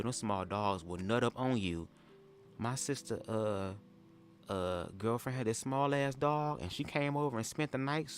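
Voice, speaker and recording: A man hosting a casual livestream reaction chat, sassy and profane, telling stories and leaping into high-pitched impressions. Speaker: livestream host.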